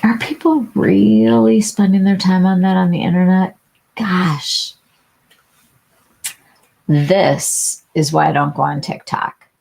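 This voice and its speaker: A woman's voice: lowish voice, fairly even intonation, slow pace, creaky, long pauses, a little mellow. A woman hosting a casual beauty livestream, chatting with viewers, answering them by name with lots of fillers and restarts. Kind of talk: casual live chat reading viewer comments.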